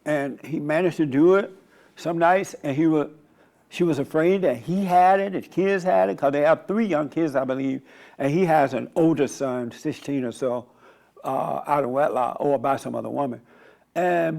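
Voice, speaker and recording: A man's voice: fairly high pitch, moderate pace, creaky, a little mellow. A man, a pastor and radio host, giving a casual, conversational online sermon in a rambling storytelling way. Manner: rambling, storytelling, frequent restarts.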